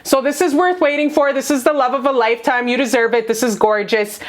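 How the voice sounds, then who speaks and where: Young woman doing a love tarot reading, slightly high voice, super emotional and cursey, says you guys constantly. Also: fairly even intonation, fairly quick. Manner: effusive, emotional and profane, repeats "you guys". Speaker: tarot reader.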